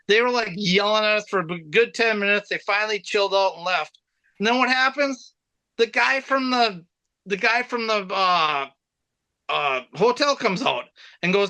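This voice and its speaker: A man's voice: high-pitched, normal speed, sharp tone, dry recording. A man guesting on an interview, telling rambling road stories with easy laughter. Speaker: band vocalist, guest. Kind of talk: casual storytelling.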